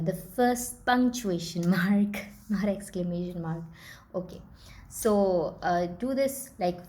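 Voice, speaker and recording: A woman teacher, patiently explaining step by step how to teach a young child. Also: on the low side.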